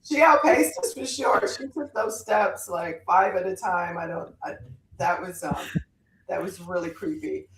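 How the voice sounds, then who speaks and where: A woman guest on a chat show, telling a story with lively, animated delivery. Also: fairly low pitch, measured pace, reverberant, background noise. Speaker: guest author. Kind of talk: casual podcast chat.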